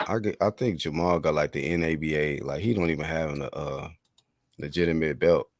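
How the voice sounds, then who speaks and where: A man hosting a boxing talk show, chatting casually and profanely and often laughing loudly. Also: very deep voice, steady tone, fairly quick, dry recording, clean studio sound. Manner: laid-back, swears freely, loud bursts of laughter. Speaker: boxing podcast host.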